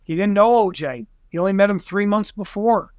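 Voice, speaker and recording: A man guesting on a podcast, telling a story in an excitable, rambling way and acting out other people's voices. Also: high-pitched, normal speed, clear, resonant tone, no room sound, clean studio sound. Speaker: guest investigator. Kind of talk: animated storytelling in conversation.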